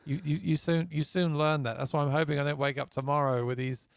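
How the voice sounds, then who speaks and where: Gravelly English man, chatty musician. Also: a little high, fairly even intonation, brisk, no echo, clean studio sound. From England. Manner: chatty, repeats words while restarting sentences. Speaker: musician guest. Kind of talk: casual video-stream chat.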